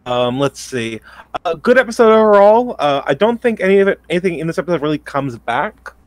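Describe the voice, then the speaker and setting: A man co-hosting a podcast in casual chat, talking in a relaxed, hesitant way with many fillers. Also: a little high, brisk, no room sound. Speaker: podcast co-host.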